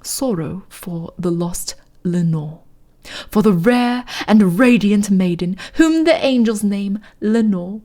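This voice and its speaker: A woman's voice: medium pitch, expressive, mellow. A woman putting on a posh British poem reciter. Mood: theatrical. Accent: fake posh British. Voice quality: slow, drawn-out delivery with rolled R's, dropping to near-whispers. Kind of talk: dramatic poetry reading.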